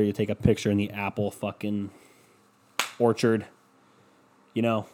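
A low-leaning, steady, darkish voice moves at a quick pace broken by long pauses. It belongs to a young Cleveland podcast host rambling solo in a home room with the windows open, swearing through scatterbrained, sarcastic rants.

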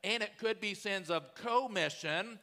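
Bright-voiced pastor preaching in a hall. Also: male voice, sits high, measured pace. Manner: conversational storytelling, often asks "right?". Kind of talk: sermon.

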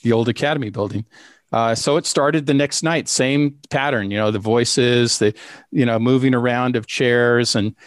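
A man telling a personal story in a casual, halting way, with many fillers and restarts. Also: medium pitch, fairly even intonation, no room sound, studio quality. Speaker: storyteller recounting a ghost experience. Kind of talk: casual spoken anecdote.

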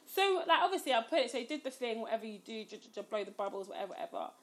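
A young woman tells a story in casual chat. Her voice sits a little high, and she laughs as she goes. She acts out her own quotes with big swings in her voice. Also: very animated, very fast.

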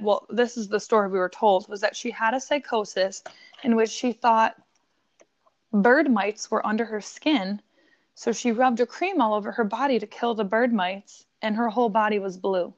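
A woman from Buffalo, New York, telling a story in casual podcast chat, animated and swearing, laughing often. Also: medium pitch, normal speed, muffled recording.

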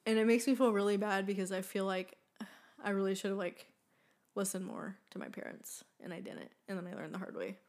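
A young woman chatting on her podcast, earnest and talkative, with plenty of fillers and easy laughter. Her voice sits at an ordinary middle pitch. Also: expressive, a little fast, darkish tone. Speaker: podcast co-host. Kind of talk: casual chat.

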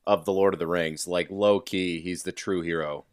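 Lower-voiced man, eager and slangy. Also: steady tone, clear, resonant tone, dry recording, clean studio sound. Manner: enthusiastic, slangy, quick to laugh. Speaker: podcast co-host. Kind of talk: casual chat.

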